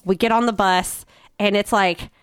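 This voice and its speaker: A young woman co-hosting a casual podcast, chatty and quick to laugh. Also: mid-range voice, steady tone, smooth, no echo, clean studio sound. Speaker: podcast co-host. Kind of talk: casual chat.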